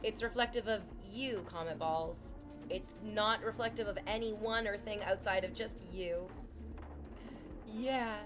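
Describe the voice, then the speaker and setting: A woman's voice: mid-range voice, measured pace, music in the background. A woman streaming from home, chatting casually with her viewers in a sarcastic, teasing way and swearing freely.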